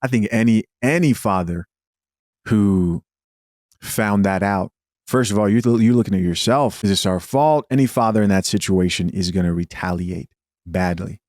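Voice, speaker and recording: Man, host, very deep voice, dry close recording, musing reaction commentary, halting. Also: a little mellow, dry recording. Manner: musing, halting, thinks aloud.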